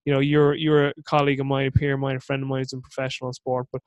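A man hosting a podcast interview, talking in a rambling, animated way. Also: medium pitch, very fast, smooth, no echo. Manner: rambling, animated, full of acted-out inner voices. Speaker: podcast host. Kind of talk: casual interview chat.

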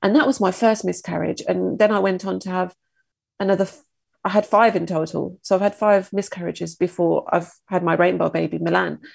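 A woman in her thirties, a podcast guest, recounting a painful personal story in a halting, emotional, reflective way. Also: fairly low pitch, fairly even intonation, vocal fry, a little mellow, dry recording.

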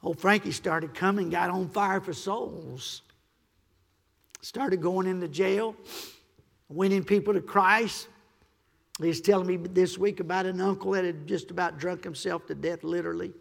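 A male pastor preaching a storytelling sermon, emphatic, acting out the people in his stories and rising to loud peaks. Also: sits high, steady tone, unhurried, vocal fry. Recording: long hall reverb.

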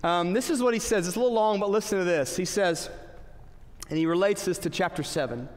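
A man preaching a sermon in an earnest, halting way with many fillers, in a church hall. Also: high-pitched. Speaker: pastor. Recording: long hall reverb.

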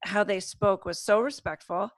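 A young adult woman, a podcast guest, chatting earnestly with many halting restarts and fillers. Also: medium pitch, no echo, clean studio sound. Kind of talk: casual chat.

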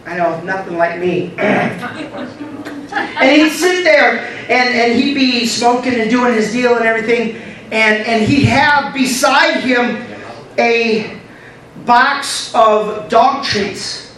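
A man's voice: very high voice, takes it slowly, fairly bright tone, distant mic. A man preaching a sermon as pastor, telling a story with laughs and calling to the congregation. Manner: storytelling with laughs, call-and-response. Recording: roomy echo, from the mic.

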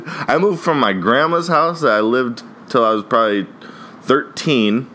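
With a mid-range voice that's pushed and bright, this Ohio man in his mid-twenties hosts a solo podcast at a measured pace. He rambles casually, leaning on "like" and "dude," curses and laughs often, and slight noise sits in the background.

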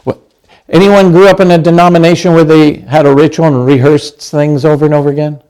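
A middle-aged man preaches in a loose, chatty way, often stopping to ask his listeners a question. His voice sits a little higher than most men's. He restarts phrases often, as if talking with friends. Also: flat delivery, brisk, darkish tone, clear, resonant tone, rough recording. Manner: chatty, asks the congregation questions, many restarts. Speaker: pastor. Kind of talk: conversational sermon.

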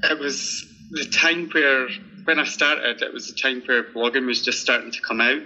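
A man's voice: mid-range voice, normal speed, sharp tone, dull audio. A Scottish man in his thirties, a podcast guest chatting casually, friendly and laughing often, with many ums. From Scotland. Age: 30s. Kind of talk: casual interview chat.

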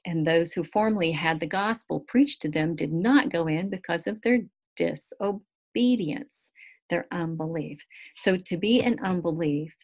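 A middle-aged woman giving an earnest devotional teaching, slowing to soft, quiet phrases at times. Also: on the low side. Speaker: Christian teacher.

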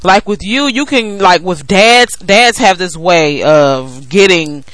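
Bright-voiced woman co-host. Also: fairly low pitch, slow, no room sound, poor audio. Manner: earnest, explains at length with fillers. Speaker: podcast co-host. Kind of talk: casual chat.

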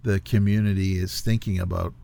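A man's voice: low voice, level tone, a little fast, gravelly, dark tone, no echo. A man co-hosting a podcast, talking casually in a laid-back, hesitant way. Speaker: podcast co-host. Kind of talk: casual conversation.

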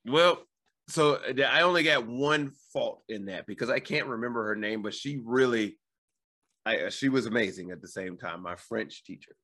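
A man's voice: mid-range voice, normal speed, bright, forceful tone. A man co-hosting a casual chat, telling stories in a playful, jokey way and laughing along. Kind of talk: casual chat, personal storytelling.

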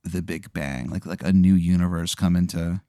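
A man's voice: low voice, fairly even intonation, moderate pace, warm tone, no room sound, clean studio sound. A man improvising an absurd second-person story, rambling and profane with many fillers. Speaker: comedy podcast host.

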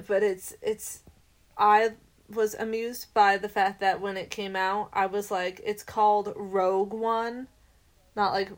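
A woman co-hosting a casual movie podcast, telling stories in a playful, rambling way. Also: medium pitch. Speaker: podcast co-host.

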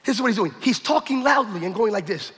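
A man preaching a sermon, telling a story with acted-out quotes and building to shouts. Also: sits high, lively intonation, fast. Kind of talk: sermon testimony. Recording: echoey hall with long reverb.

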